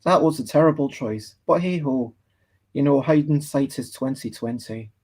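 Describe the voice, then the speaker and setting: This livestreaming artist, a Scottish man, has a mid-range voice that's a little mellow and slightly rough, at a moderate pace. He draws while casually chatting, musing aloud as he reads chat comments and responds.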